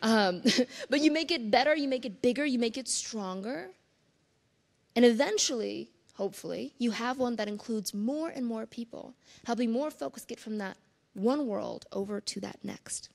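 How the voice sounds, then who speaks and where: Woman in her thirties for an earnest keynote talk; conversational, a bit high, with vocal fry. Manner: earnest, conversational, with asides to the audience. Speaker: conference speaker.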